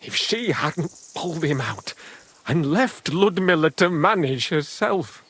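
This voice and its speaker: An actor voicing a middle-aged village father in a medieval game, slow and brooding, grieving and bitter with angry bursts. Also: a little high, expressive, a bit bright, husky, full character voice. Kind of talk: voiced game dialogue.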